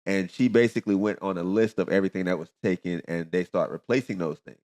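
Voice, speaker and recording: A man's voice: deep voice, fast, darkish tone. A man hosting a casual podcast, chatting and often laughing. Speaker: podcast host. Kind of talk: casual chat.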